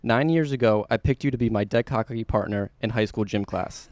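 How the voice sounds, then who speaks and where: A man's voice: on the low side, fairly quick, a little mellow, dry recording, clean studio sound. A young American man reading his wedding vows, earnest and heartfelt with a light joke. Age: young adult. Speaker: groom.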